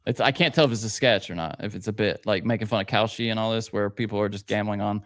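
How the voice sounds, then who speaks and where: A man, a podcast co-host, speaking in hesitant, quick asides. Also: lowish voice, a bit bright, no echo, studio quality.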